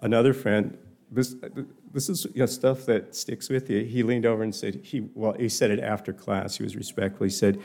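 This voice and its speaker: Mellow, thoughtful older man. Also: on the low side, little pitch movement, normal speed, creaky. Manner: thoughtful, digressive storyteller. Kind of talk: reflective personal talk.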